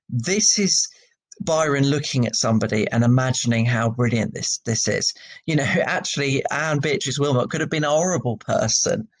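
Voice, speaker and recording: A man teaching a class about a poem, speaking at a medium pitch. He talks loosely and conversationally, with many ums and restarts. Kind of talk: recorded classroom lesson.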